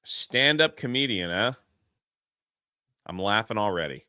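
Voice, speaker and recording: A man's voice: on the low side, animated, unhurried, bright, forceful tone, clear, resonant tone, no echo, studio quality. An American man co-hosting a casual commentary chat, sarcastic and indignant, often laughing. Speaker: co-host.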